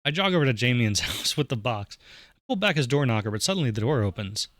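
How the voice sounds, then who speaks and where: Animated man reading a game aloud. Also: mid-range voice, fast talker, dry recording, studio quality. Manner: animated, jokey, voices the player dad with warmth. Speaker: let's play host.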